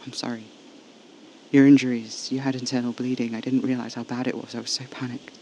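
A grave, remorseful vampire speaks in a low, quiet tone, as a man puts him on. His voice is gravelly and stays flat, with little rise and fall. He sounds like a horror audio-story character. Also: brisk, slight background noise, natural voice. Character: solemn, remorseful male vampire.

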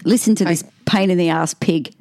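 A woman's voice: fairly low pitch, fairly quick, creaky, very noisy. A woman co-hosting a casual chat, blunt, crude and jokey. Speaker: podcast co-host.

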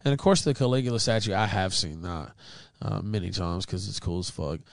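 A young man hosting a podcast, telling stories in a petty, profane, animated way. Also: sits low, a little fast, gravelly, no echo. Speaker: podcast host. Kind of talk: casual chat.

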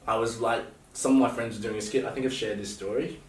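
A man's voice: mid-range voice, fairly even intonation, quick pace. A young Australian man co-hosting a casual podcast, easygoing and laughing his way through stories. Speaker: podcast co-host. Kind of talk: casual chat. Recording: roomy sound, mic at a distance, faint background hiss.

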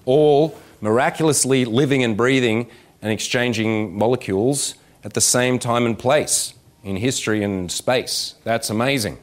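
A man, a dating coach giving a live seminar talk. He swears freely, jokes and acts out little scenes. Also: medium pitch. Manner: profane, animated and joking, slips into voices to act out scenes. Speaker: dating coach speaking at a workshop. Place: indoor event room with about 160 people.

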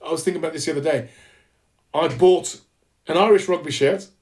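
A London man with an English accent appears as a podcast guest in a candid conversational interview, earnest and reflective, often halting to restart sentences. His voice is a little high with a darkish tone.

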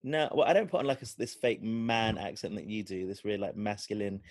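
A man's voice: fairly low pitch, lively intonation, fairly quick, few pauses, no echo. A man co-hosting a podcast, trading teasing banter in casual chat. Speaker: podcast co-host.

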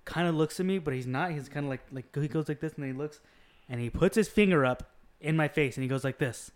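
A man chatting casually on a podcast, cursing freely and telling stories with animated energy. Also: a little high, fast talker. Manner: profane, animated storyteller. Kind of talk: casual chat.

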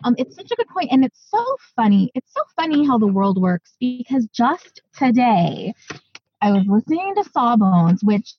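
A woman co-hosting a podcast, chatting casually and excitedly with lots of fillers. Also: on the high side, normal speed, breathy edge, dry recording, dull audio. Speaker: podcast co-host. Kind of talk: casual chat.

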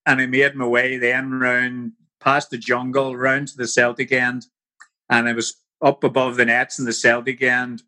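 A man's voice: medium pitch, flat delivery, normal speed, bright, forceful tone. An older man with a Northern Irish accent, telling stories as an interview guest, rambling and full of "you know". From Northern Ireland. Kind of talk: casual storytelling.

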